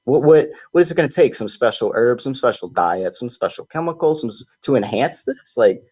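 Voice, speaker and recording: Man, casual storyteller, animated, middle pitch, dry close mic. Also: fairly quick, breathy edge, dry recording. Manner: animated, acts out quoted friends in higher voices. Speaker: podcast host.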